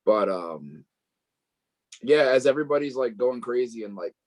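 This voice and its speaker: A man's voice: mid-range voice, animated, moderate pace, dry recording. A man co-hosting a podcast, recounting the plot in long run-on stretches in casual chat. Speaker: podcast co-host. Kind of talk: casual movie review chat.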